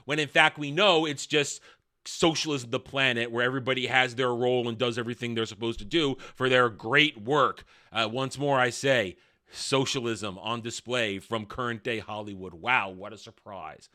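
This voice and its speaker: A man's voice: medium pitch, moderate pace, pushed and bright. A man giving a ranting video review of a TV show, sarcastic and scornful in his delivery. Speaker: film and TV reviewer.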